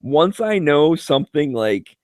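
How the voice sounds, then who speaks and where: A man's voice: on the high side, very animated, a little slow, a little mellow, no room sound, clean studio sound. A man in casual chat, telling joking, profane stories full of filler words and frequent laughter. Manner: loose filler-heavy delivery with many "like"s. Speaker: chat regular.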